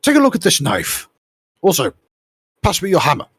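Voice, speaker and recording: A man voicing a brash, bossy male master engineer who barks orders in a raised, higher voice. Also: very animated, fast, husky, no echo, clean studio sound, exaggerated voice. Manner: barking orders, shouting.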